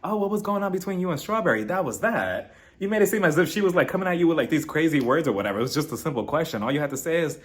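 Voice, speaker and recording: Animated gossipy man recapping reality TV. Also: on the high side, quick pace. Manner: animated, chatty, laughs often. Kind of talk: casual gossipy episode review.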